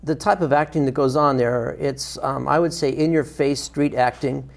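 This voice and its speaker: Gravelly man, theater director on a talk show. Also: medium pitch, fairly even intonation, moderate pace. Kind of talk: studio TV talk.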